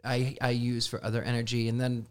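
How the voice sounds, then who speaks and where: A man's voice: mid-range voice, brisk, clear, resonant tone. A man, a psychic guest, telling stories in a casual podcast interview, laughing often and acting out what people said. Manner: animated, laughing storyteller who acts out dialogue.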